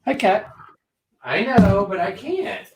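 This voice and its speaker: A man's voice: sits high, expressive, takes it slowly, noisy background. A man co-hosting a casual live stream, chatty and rambling. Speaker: co-host of a reseller live show.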